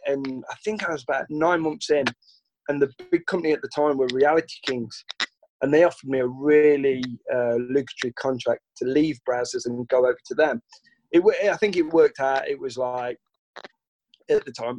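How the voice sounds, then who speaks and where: A medium-pitched, darkish male voice comes through with a little hiss or hum. He is a UK guest in an informal chat, rambling through long anecdotes and acting out the words people said to him.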